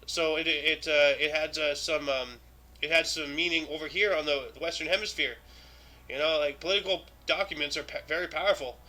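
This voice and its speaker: A man's voice: high voice, sharp tone. A man hosting a casual history livestream, reading dated events aloud and adding loose offhand remarks with plenty of fillers. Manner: reads dates aloud then adds offhand asides, many fillers. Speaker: show host.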